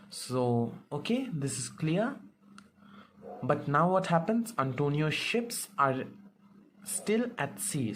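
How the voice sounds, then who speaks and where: Slow, patient tutor. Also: male voice, a little high, a little hiss or hum. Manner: repeats points and checks in with "okay?". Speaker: English tutor. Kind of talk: line-by-line literature lesson.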